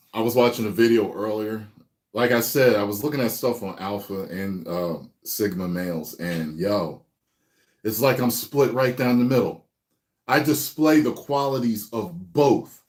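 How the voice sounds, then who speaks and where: A young adult man hosting his channel, chatting casually with viewers and dropping between a relaxed low voice and loud bursts. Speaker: channel host.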